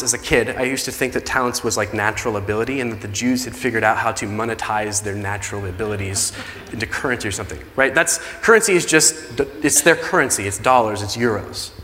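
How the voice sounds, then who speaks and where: A man's voice: medium pitch, fairly bright tone. A male pastor preaching a conversational sermon, acting out the pleas in the story he tells. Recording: long reverb of a large hall.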